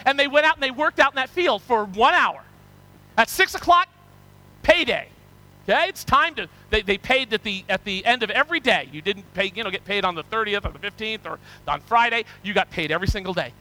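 A man preaching a sermon, retelling parables with lively storytelling and frequent restarts. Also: high-pitched, fairly quick, rough recording. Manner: animated storytelling, acting out parable characters; frequent restarts and repeated words. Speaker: pastor.

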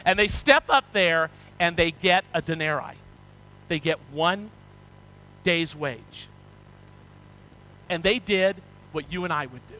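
A man preaching a sermon, retelling parables with lively storytelling and frequent restarts. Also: fairly high pitch, takes it slowly, long pauses, a little hiss or hum, poor audio. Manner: animated storytelling, acting out parable characters; frequent restarts and repeated words. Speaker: pastor.

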